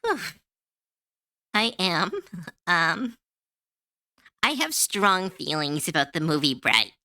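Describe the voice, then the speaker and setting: A woman's voice: on the low side, big pitch swings, slow pace, sharp tone, no echo, clean studio sound. A woman streamer chatting casually while she draws, ranting heatedly and swearing freely. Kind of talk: casual livestream chat while drawing. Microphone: close to a desk mic.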